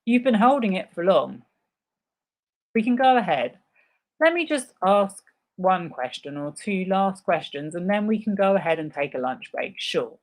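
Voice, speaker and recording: A woman performs a live dramatic reading of a legal deposition on a stream, taking turns voicing the different parts and breaking in with sarcastic commentary. She speaks at normal speed in a mid-range, slightly mellow voice with big pitch swings.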